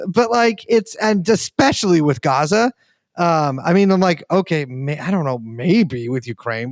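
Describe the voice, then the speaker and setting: A man's voice: a little high, no room sound. A man co-hosting a podcast, rambling wryly with lots of fillers in casual chat. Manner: rambling, many fillers, wry. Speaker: podcast co-host.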